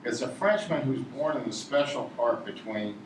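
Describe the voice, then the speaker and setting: A man's voice: medium pitch, moderate pace. A man from Virginia telling a meandering, digressive story to a live audience and chuckling at his own tale. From Virginia, USA. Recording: echoey room, distant mic, noisy.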